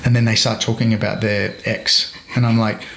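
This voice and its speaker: A man chatting as a guest, telling stories in a frank and relaxed way. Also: on the low side, normal speed, gravelly, a little hiss or hum. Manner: relaxed storytelling, frank and earthy. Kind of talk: casual conversation. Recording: roomy echo.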